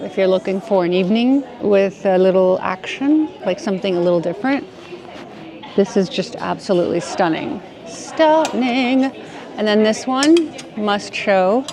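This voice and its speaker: A woman's voice: medium pitch, vocal fry. Chatty, gushing woman vlogger. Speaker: fashion vlogger. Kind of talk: casual vlog chat. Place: shops and streets in a city.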